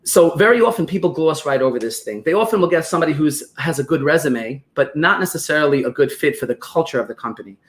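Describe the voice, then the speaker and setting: A man with a New York accent, a guest on a podcast interview, explaining business ideas through animated stories and acted-out quotes. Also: a little high, quick pace, hardly any pauses. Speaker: guest expert on business operations.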